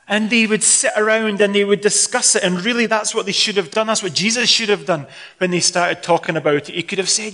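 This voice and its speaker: A Scottish man preaching a sermon in a conversational, expressive way, acting out the scenes he describes. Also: high voice. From Scotland.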